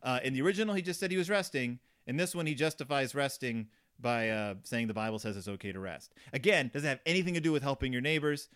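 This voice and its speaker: A man chatting on a podcast in a loose, joking, rambling way, peppering his talk with asides. His pitch swings widely as he goes, lively and animated. It sounds like an offhand comedic book review. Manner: rambling, jokey, full of "like" and asides, puts on silly voices for characters. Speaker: podcast host.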